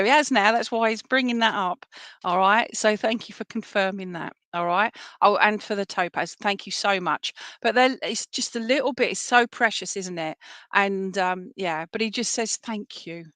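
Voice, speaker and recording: Gentle woman medium, dry close sound. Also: medium pitch, dry recording. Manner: gentle, reassuring, full of fillers and "all right?" tag questions. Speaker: spiritualist medium. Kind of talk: relaying clairvoyant messages at an online service. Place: at home for an online church service.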